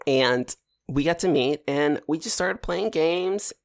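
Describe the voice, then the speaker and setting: A man hosting a casual podcast and running a tabletop game, playful and chatty and quick to laugh. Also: on the high side, gravelly. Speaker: podcast host and game master. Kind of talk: casual chat.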